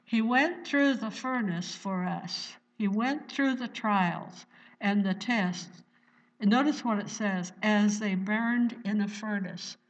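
Woman, pastor, Bible sermon, fervent, rhetorical questions, frequent praise, medium pitch, dull lo-fi recording. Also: takes it slowly, recorded from a distance. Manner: fervent, exclaims "Praise the Lord" and "Hallelujah" often; asks the listeners rhetorical questions.

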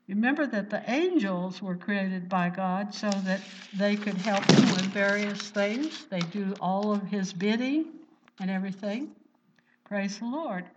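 A woman preacher works through scripture in a mid-pitched voice, breaking in with bursts of praise and asking her listeners questions. She sounds fervent and earnest. The recording is dull and lo-fi. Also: unhurried, distant mic, noisy background. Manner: fervent, exclaims "Praise the Lord" and "Hallelujah" often; asks the listeners rhetorical questions. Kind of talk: Bible-teaching sermon.

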